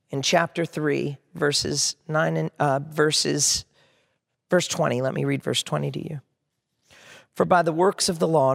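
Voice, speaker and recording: A man's voice: fairly high pitch, gravelly. A man preaching as a pastor, earnestly voicing the prayers and objections of his listeners as he goes. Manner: earnest preaching, quotes prayers and hecklers aloud. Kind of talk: sermon. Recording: long hall reverb.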